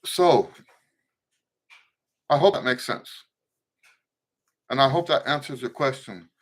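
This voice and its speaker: Slowly and in a mid-range voice, a middle-aged trumpet teacher answers questions on a live stream. His casual lesson wanders loosely through points, with sung tonguing syllables and playing demonstrations.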